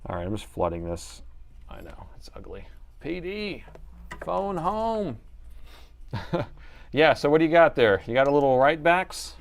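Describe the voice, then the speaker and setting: This male repair host is brisk and very animated, his mid-range voice bouncing as he chats casually on stream. He explains every step of the job while he works and jokes around with viewers.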